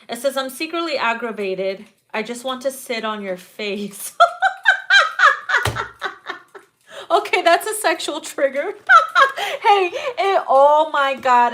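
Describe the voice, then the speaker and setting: A woman giving a casual tarot reading, blunt and profane, laughing loudly at her own jokes. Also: sits high. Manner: blunt, profane and animated, breaks into loud laughter. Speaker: tarot reader.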